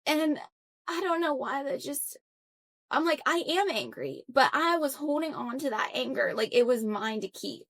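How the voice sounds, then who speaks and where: A woman's voice: high voice, normal speed. A young adult woman, a podcast guest, earnestly telling a personal story in conversation, reflective and full of fillers and restarts. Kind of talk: conversational interview.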